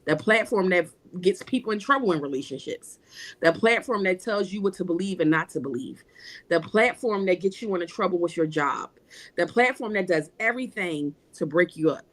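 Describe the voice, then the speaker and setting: A woman's voice: on the low side, animated, moderate pace. A woman guest on a livestream panel, speaking emphatically about spirituality in casual, repetitive, preacher-like runs.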